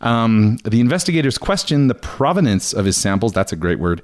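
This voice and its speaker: A man's voice: medium pitch, very animated, a little fast. A young man hosting a podcast, chatting casually, laughing often and reading out articles. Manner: chatty, laughs often, reads quotes in a mock voice. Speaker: podcast host.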